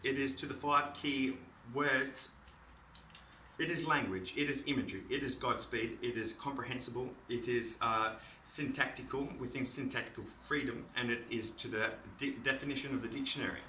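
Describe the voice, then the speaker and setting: Australian man, sharp-toned, wandering solo monologue in a reverberant room. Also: mid-range voice, fairly even intonation, moderate pace, far from the mic, a little hiss or hum. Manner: disjointed, repetitive, stream-of-consciousness. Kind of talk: rambling solo monologue to camera.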